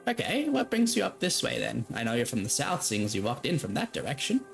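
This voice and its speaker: A man's voice: medium pitch, wildly swooping pitch, a little fast, creaky. A man voicing a cheery, sly middle-aged woman trader in a sing-song, overly sweet way. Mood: sweetly cheery.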